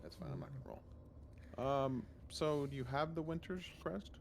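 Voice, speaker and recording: A man's voice: on the high side, moderate pace, gravelly. A man playing a tabletop game, talking in a hesitant, stumbling way. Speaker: player. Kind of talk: casual tabletop game play. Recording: noisy recording.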